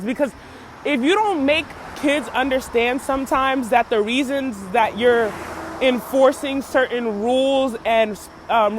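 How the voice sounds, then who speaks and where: A woman with a high voice hosts a podcast, speaking bluntly, emphatically and with profanity. Faint traffic noise sits in the background. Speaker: podcast host. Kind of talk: animated commentary.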